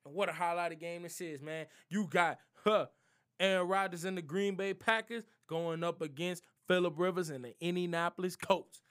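A young man giving casual NFL game predictions, slangy and animated, trash-talking the teams he doubts. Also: high-pitched, moderate pace, clean tone. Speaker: sports prediction vlogger. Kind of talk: casual NFL picks monologue.

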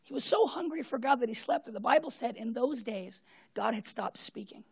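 A woman with a husky, slightly high voice delivers a sermon in a storytelling way. She swings from loud bursts down to hushed, near-whispered tones and acts out the voices in the story. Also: expressive, a little fast. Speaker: preacher.

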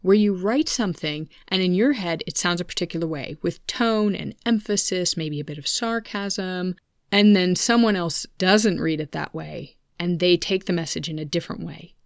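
A woman's voice: fairly low pitch, normal speed, no room sound, studio quality. A woman in her thirties hosting her own podcast, talking candidly and chatting with asides to her listeners, recorded on a microphone at a home computer. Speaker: podcast host. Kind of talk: personal podcast monologue. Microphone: studio microphone at a home computer.

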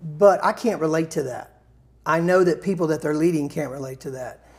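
A man's voice: a little high, normal speed, a little mellow. A male songwriter in a casual interview, rambling through stories with restarts and self-deprecating humor.

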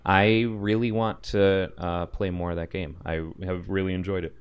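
A man's voice: low-pitched, little pitch movement, moderate pace, smooth. A man on a casual podcast chat, recounting a video game's story in a laid-back way with lots of fillers. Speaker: podcast co-host.

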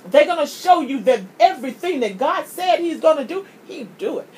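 Impassioned high-voiced woman preaching. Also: expressive, normal speed, darkish tone, a little hiss or hum. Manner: impassioned, preachy, repeats words when starting a thought. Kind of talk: sermon.

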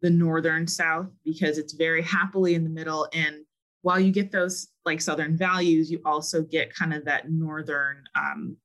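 A young woman from Massachusetts, a podcast guest telling stories in a chatty, animated, friendly way. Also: low-pitched, normal speed. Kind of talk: casual podcast interview.

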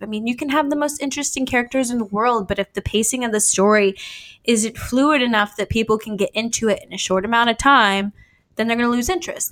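A woman's voice: a little high, a bit bright. A woman guest on a podcast, a writer, talking casually and explaining her ideas at length.

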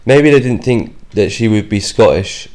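A man's voice: on the low side, expressive, normal speed, darkish tone. A man co-hosting a podcast, asking easygoing questions and giving short agreeing replies. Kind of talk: casual chat.

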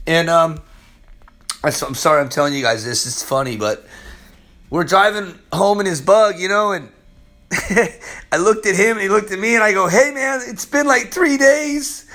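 Male pastor, high voice, a bit strained from the weather; casual, conversational Bible teaching. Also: moderate pace, long pauses, a bit bright. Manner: loose, chatty, peppered with "man". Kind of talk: casual Bible-study sermon.

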